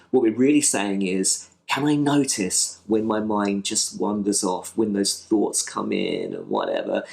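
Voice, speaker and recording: A man teaching mindfulness for children, gentle and reassuring, often checking in with "okay" and "right". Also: on the low side, gravelly. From United Kingdom. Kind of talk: instructional talk with guided practice.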